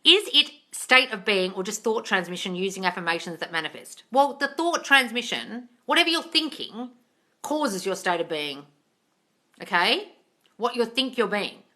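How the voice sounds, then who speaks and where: A woman hosting a livestream Q&A from a room at home into a tablet, animated, swearing freely and calling listeners darling. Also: medium pitch, moderate pace. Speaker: host answering viewer questions. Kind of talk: livestream Q&A chat. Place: room at home with door open.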